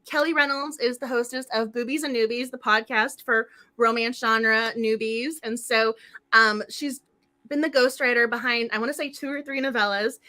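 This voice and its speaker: A woman hosting a book club livestream in casual, effusive chat, her voice slightly hoarse. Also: a little high, steady tone, normal speed, bright, forceful tone.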